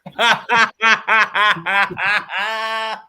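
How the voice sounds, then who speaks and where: Bright high-voiced male show host. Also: steady tone, extremely slow. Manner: laughing storyteller. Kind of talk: casual chat.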